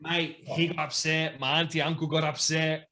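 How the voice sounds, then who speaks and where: A young man in his twenties with an Australian accent, co-hosting a casual chat with excitable, enthusiastic reactions. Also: a little high, moderate pace. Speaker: podcast co-host.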